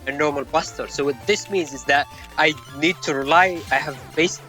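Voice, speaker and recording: Man, bright voice, fairly high pitch, tournament stream host, explains game mechanics, laughs often, faint music behind. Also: moderate pace. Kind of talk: casual esports commentary.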